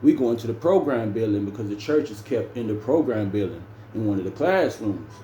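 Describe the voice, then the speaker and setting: A man's voice: on the low side, animated, a little fast, mellow. A man telling a story casually and animatedly, with heavy slang and frequent "bro" and "man". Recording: roomy room with faint ambient noise.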